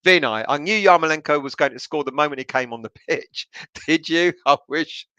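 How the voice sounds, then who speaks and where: A man from England hosts a relaxed live stream and works through viewer comments one by one. His voice sits a little high and sounds bright and forward. The sound is dry and close, and his delivery is loose, with many fillers and false starts. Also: a little fast, smooth, dry recording, highs cut off. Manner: chatty, laughs often, many fillers and restarts. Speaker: podcast host reading live chat comments. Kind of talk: casual live-stream chat.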